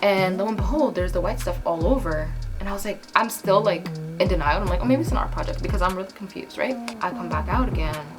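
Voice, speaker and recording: A young woman telling a casual storytime while doing her makeup, chatty and animated, with lots of "like". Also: on the low side, brisk. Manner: chatty, heavy use of "like", animated retelling. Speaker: vlogger. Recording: background music.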